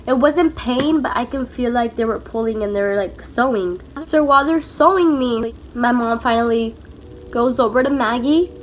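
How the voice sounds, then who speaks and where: A woman's voice: a little high, moderate pace, slight background noise. A young woman vlogger chatting casually as she tells a personal story, full of "like", tearful at times. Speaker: mom vlogger.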